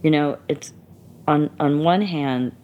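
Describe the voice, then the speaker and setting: Woman guest, lively candid storyteller who mimics others and laughs easily. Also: low voice, takes it slowly, narrow, tinny audio, a little hiss or hum. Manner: animated, laughs often, acts out quoted people.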